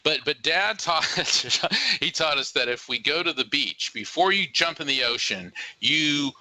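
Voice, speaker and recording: Bright, forceful man telling animated stories. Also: unhurried, low-quality recording. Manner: lively, acts out quotes with big pitch jumps. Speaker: guest psychic medium. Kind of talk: animated storytelling in a radio interview.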